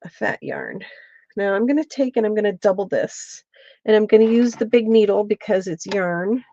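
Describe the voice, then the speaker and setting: A woman's voice: medium pitch, normal speed, mellow, dull audio. A woman hosting a casual livestream stitching demo, thinking aloud and greeting viewers by name. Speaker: craft show host. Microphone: streaming setup mic.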